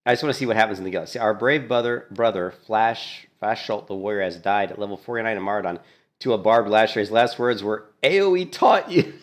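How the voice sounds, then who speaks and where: A man casually commentating on a gameplay clip, animated and mocking, laughing often. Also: on the low side, fast. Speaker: gaming streamer.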